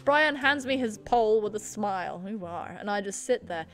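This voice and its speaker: Woman streamer, bright lively voice, excitable and sweary commentary over a game. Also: medium pitch, normal speed, faint music behind. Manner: excitable, swearing, sudden loud outbursts. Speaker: gaming streamer. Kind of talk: let's play commentary reading game text.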